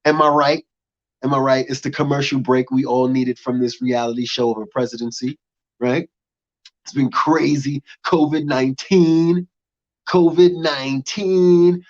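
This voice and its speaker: A young American man performing a stand-up set with lively swings between loud punchlines and low muttered asides. His voice is mid-pitched and comes through dull, lo-fi stream audio. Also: moderate pace. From United States. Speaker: stand-up comedian.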